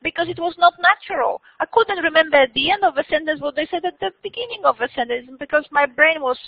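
A woman university lecturer talking to her students in an informal, animated way, with many restarts and questions put to the class. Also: sits high, quick pace, dry recording, lo-fi sound.

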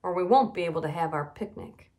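A woman's voice: lowish voice, a little mellow, natural voice. A woman voicing a firm, cheerful female schoolteacher in a storybook. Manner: firm and brisk.

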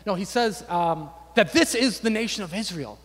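A man's voice: sits high, lively intonation, normal speed, in a large hall. A man preaching a sermon to his church, emphatic and repetitive, building to fervent declarations. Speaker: pastor.

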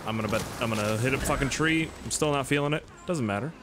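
A man giving excitable, swearing let's-play commentary as a gaming YouTuber. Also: medium pitch, fast talker, noisy background. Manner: excitable, swears a lot, laughs at own jokes.

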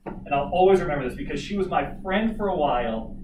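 Animated history teacher in an echoey classroom. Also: male voice, on the high side, quick pace. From Colorado. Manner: animated, jokey asides to students. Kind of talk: classroom lecture with storytelling. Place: classroom, recorded from afar. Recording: echoey room, distant mic, noisy.

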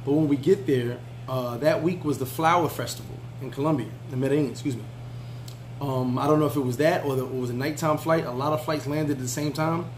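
A man's voice: mid-range voice, a little fast, a little hiss or hum, poor audio. A man telling a travel story in a casual, laid-back way, full of fillers and restarts. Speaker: travel vlogger.

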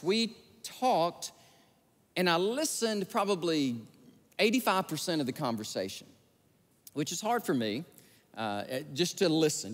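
A man preaching a sermon as pastor, telling stories animatedly and acting out the people he quotes. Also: high-pitched. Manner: animated storytelling, acts out quoted voices. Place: large church sanctuary. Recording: long hall reverb.

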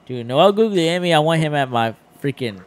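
Lively joking male podcast co-host. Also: on the high side, normal speed. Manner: joking, teasing, slangy banter. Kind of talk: casual chat.

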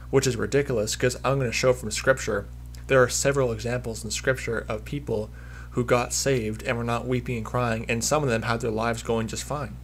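A man's voice: medium pitch, slight background noise. A man delivering a preachy religious commentary monologue, emphatic and repetitive as he hammers home his points.

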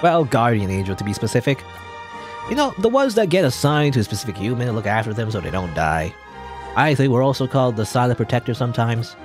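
A man's voice: mid-range voice, sing-song, quick pace, over music, lightly acted. A man voicing a smug, chatty male guardian angel in a game, breezy and teasing. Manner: breezy, teasing, self-satisfied.

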